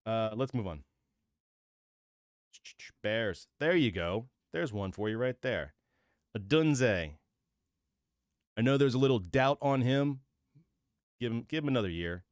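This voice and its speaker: A man hosting his own channel, giving opinionated casual commentary and thinking out loud with fillers and restarts. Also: medium pitch, animated, unhurried, long pauses, no echo, clean studio sound. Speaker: host of a football channel.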